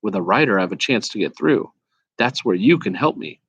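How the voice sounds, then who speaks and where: A man's voice: lowish voice, animated, a bit bright, breathy edge, no echo, dull audio, heavily acted. A man doing a proud, blunt talking war horse. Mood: lecturing. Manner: brisk, lecturing, faintly scornful. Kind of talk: storybook read-aloud.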